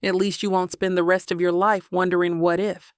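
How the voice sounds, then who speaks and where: A woman voicing an insistent adult woman friend who coaxes firmly and gently in an audiobook. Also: fairly low pitch, level tone, a little fast, smooth, no room sound, clean studio sound, lightly acted. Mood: pleading. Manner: firm, coaxing.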